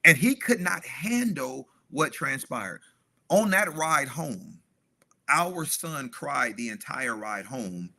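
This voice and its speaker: A man's voice: medium pitch, big pitch swings, takes it slowly, vocal fry, bright, forceful tone. A man in his forties hosting a panel conversation, telling a heartfelt story as a father, often asking "right?" and calling listeners "man", emotional as he speaks. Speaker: discussion host, father.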